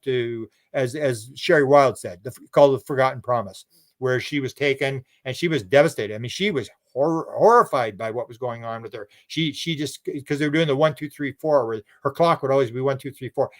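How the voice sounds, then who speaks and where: A man talking as a radio show guest in a loose, rambling way, often repeating words and restarting sentences. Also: medium pitch. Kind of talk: casual radio interview talk.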